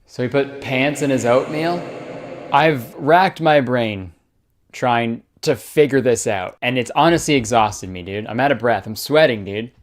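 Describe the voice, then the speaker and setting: A man's voice: mid-range voice, unhurried. A young man giving casual, sarcastic comedy commentary as a YouTuber, swearing, laughing often and saying "dude" a lot. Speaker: comedy YouTuber reading fan fiction aloud.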